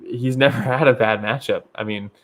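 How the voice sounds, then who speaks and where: A man's voice: mid-range voice, fairly even intonation, normal speed, fairly bright tone. Male podcast co-host, casual fight talk, swears and laughs freely. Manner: loose, profane, laughs often.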